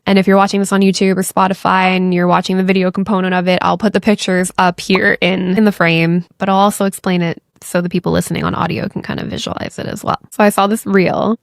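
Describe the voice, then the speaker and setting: A woman's voice: medium pitch, little pitch movement, fast talker, hardly any pauses, dry recording, studio quality. A young woman hosting a podcast, telling a story in a loose, chatty way full of fillers and the odd swear word. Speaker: podcast host. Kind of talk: casual storytelling chat.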